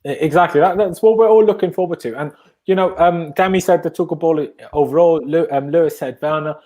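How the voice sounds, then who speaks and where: A man's voice: fairly high pitch, brisk, dark tone. A young man hosting a live-stream fan chat, enthusiastic and rambling, with frequent restarts. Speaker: host.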